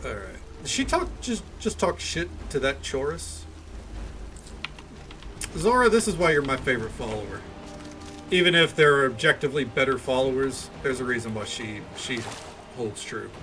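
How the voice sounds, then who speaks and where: A man's voice: medium pitch, big pitch swings, normal speed, pauses often, music in the background. A man streaming a video game, chatting casually and rambling, with frequent cursing and restarts. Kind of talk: casual gaming commentary.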